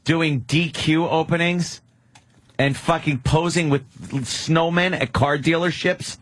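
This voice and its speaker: A man's voice: on the high side, fairly even intonation, takes it slowly, fairly bright tone, slight background noise. A man co-hosting a radio show in casual studio banter, sarcastic and profane, ranting in bursts. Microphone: studio microphone.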